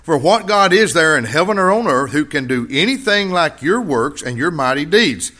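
A man preaching a sermon, repeating key phrases and swinging between loud high emphasis and quiet low asides. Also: sing-song, moderate pace, hardly any pauses. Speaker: pastor.

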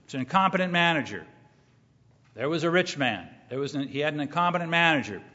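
A middle-aged man preaching a sermon, emphatic, repeating key phrases and rising in pitch when he quotes scripture. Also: lively intonation, fast talker, sharp tone. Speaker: pastor. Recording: muffled recording with long hall reverb.

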